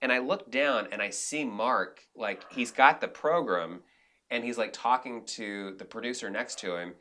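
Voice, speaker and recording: A man being interviewed on a podcast, a director and actor telling animated stories in a casual, rambling way with many restarts. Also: mid-range voice, normal speed.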